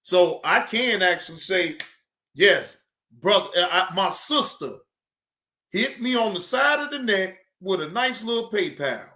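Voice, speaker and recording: A man with a very high, bright voice speaks slowly and loosely as he reacts to clips on his stream. His talk is rambling, slangy and full of profanity, with many false starts. The sound bounces around an echoey room. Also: animated. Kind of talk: casual reaction commentary.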